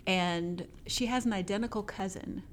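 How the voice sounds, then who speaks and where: Chatty woman co-host, mid-pitched. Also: moderate pace, slight background noise. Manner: chatty, rambling with fillers and asides. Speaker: podcast co-host. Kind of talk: casual chat.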